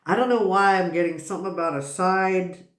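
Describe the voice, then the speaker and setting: A woman's voice: fairly low pitch, fairly quick, reverberant. A woman giving a casual tarot reading, rambling and swearing, who keeps bursting out laughing. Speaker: tarot reader.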